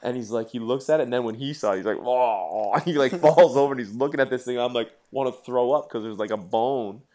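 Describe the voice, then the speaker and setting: A middle-aged man in casual chat, telling animated stories with swearing and laughter. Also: medium pitch, fairly quick.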